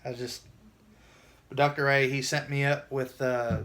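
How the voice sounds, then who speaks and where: A man's voice: medium pitch, little pitch movement, measured pace, pauses often, a bit bright, a little hiss or hum. A man telling his own story in a casual vlog, earnest and emotional, often restarting his sentences.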